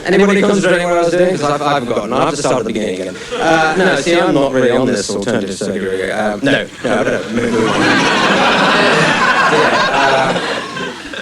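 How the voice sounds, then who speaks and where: A man's voice: mid-range voice, expressive, fairly quick, over a noisy crowd. A male stand-up comedian chatting with the audience in a rambling, self-deprecating way, full of restarts, on a TV studio stage. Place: TV studio stage under hot lights. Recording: echoey studio, distant mic. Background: studio audience laughing.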